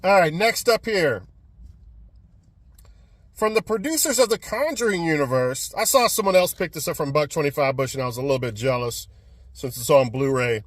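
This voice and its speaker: A man vlogging casually about his movie collection and fast food, rambling, repeating words and swearing as he goes. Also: fairly high pitch, no room sound. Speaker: physical media collector vlogger. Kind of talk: casual vlog rant.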